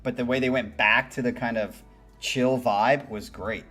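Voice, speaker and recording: Guy casually reacting to songs, mid pitch, thinks out loud, swears a bit, faint music behind. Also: steady tone, measured pace. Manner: candid, musing, casually profane. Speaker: music reaction channel host.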